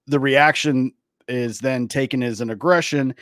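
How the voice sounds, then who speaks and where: A man's voice: mid-range voice, fairly even intonation, moderate pace, a bit bright, dry recording, studio quality. A man co-hosting a casual podcast chat, ranting bluntly with plenty of swearing. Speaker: podcast co-host.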